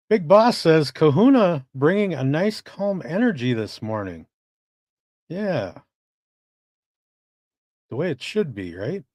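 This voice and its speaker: A man's voice: on the high side, a little mellow, dry recording, studio quality. A man co-hosting a casual live-stream chat, laid-back and swearing freely while reading chat messages aloud. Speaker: co-host.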